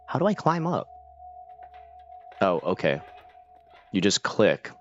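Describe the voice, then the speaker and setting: Rambling low-voiced male game streamer. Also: wildly swooping pitch, slow, dull audio, soft background music. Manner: rambling, many fillers and restarts. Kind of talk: casual live-stream chat while playing.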